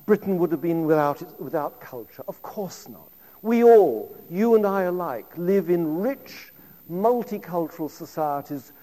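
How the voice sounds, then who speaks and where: Man, 50s, lecturer; a slightly high, anecdotal and conversational voice, recorded with long hall reverb. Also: mellow. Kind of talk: public lecture.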